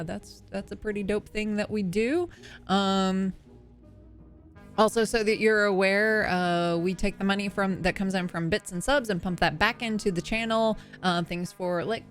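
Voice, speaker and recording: Chatty woman hosting a game stream. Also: mid-range voice. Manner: chatty, filler-heavy, laughing often. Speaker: stream host. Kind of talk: casual livestream intro and announcements.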